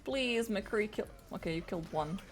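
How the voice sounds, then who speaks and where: A woman's voice: mid-range voice, lively intonation, moderate pace. A woman playing healer on a game stream, chatting casually, blunt and swearing freely. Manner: blunt, swears freely, loud when venting. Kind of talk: casual gaming chat.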